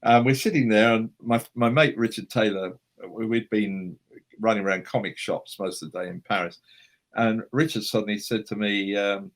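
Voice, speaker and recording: A man who is a writer, a guest in an interview, telling anecdotes in a chatty, animated and self-deprecating way. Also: lowish voice, normal speed. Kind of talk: anecdotal storytelling.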